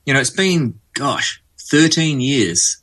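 Easygoing Australian man with a bright voice. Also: mid-range voice, very animated, slow pace. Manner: easygoing, rambling storyteller with fillers. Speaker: musician guest. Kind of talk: casual interview chat.

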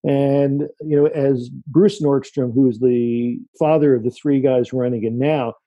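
A man's voice: mid-range voice, measured pace, no room sound, highs cut off. A man being interviewed as an author, answering at length with stories and quoted remarks. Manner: anecdotal, animated when quoting people.

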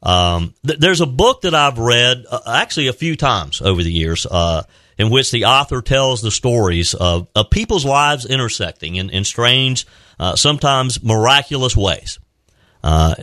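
A man hosting a radio talk show, his tone bright and forward. He speaks earnestly, stumbling and restarting often as he tells a story. A close, dry studio mic. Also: mid-range voice, no room sound. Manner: halting, many restarts, earnest. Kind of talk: heartfelt farewell talk and storytelling. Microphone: close studio microphone.

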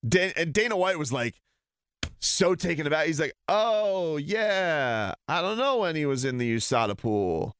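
A man's voice: a little high, very animated, a little slow, a bit bright, clean tone, no echo. A man ranting heatedly and sarcastically as a sports talk host.

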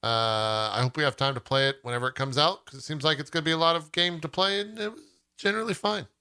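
A man hosting a podcast in casual chat, curious and quick to laugh, asking lots of questions. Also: a little high, sharp tone, smooth. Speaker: podcast host.

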